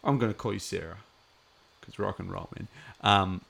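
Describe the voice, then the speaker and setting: A man's voice: sits low, steady tone, moderate pace, creaky, fairly bright tone, breathy edge. A man chatting casually as a live streamer, rambling with many fillers.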